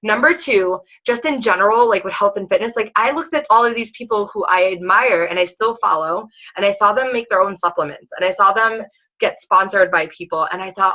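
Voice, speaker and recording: A woman health coach giving a motivational talk to her team, telling excited stories, acting out quotes, and filling her speech with "like.". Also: medium pitch, brisk, dull audio. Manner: excitable storyteller, acts out quotes, many "like"s, casual swearing.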